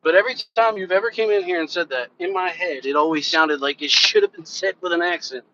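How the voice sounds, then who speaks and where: Casting note: man, live-stream host, bright and fairly high voice, loose rambling delivery, lo-fi audio. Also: fast. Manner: loose, rambling, curses casually, talks straight to viewers. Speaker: reaction channel host and rapper. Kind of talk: casual live-stream chat. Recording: dull lo-fi sound with faint background noise.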